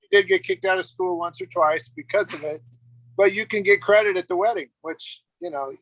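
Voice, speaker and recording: Older man, higher voice, dry sound. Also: a little fast, fairly bright tone, no room sound, low-quality recording. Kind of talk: casual chat.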